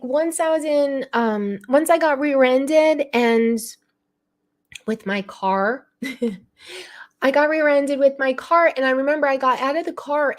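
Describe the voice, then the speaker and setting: Live-stream host, woman, tearful and upset, rambling storyteller, slightly high voice. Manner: rambling, emotional, with frequent fillers and throat clearing.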